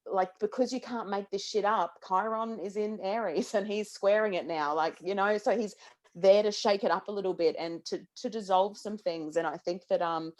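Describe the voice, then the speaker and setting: A woman in her thirties, a podcast co-host, talking in a lively, casual way with lots of restarts and the odd swear word. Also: mid-range voice, moderate pace. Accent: Australian. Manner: animated, swearing, many restarts. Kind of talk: casual astrology chat.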